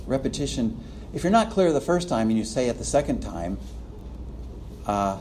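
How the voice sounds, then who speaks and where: A preaching instructor lectures his class in a mellow, warm voice whose pitch rises and falls in a lively way. He chuckles often and acts out little quotes, with a faint room hum in the background.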